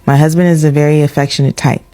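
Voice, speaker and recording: A woman's voice: low-pitched, little pitch movement, mellow. Woman reading a listener's letter aloud. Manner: reads with quick asides, breaks into laughter.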